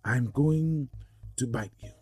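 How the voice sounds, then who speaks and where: A man voicing a sly, pleading snake in a storytelling podcast, drawing out each word slowly. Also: mid-range voice, darkish tone, slightly rough. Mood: menacing. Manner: slow drawn-out hissing pleas.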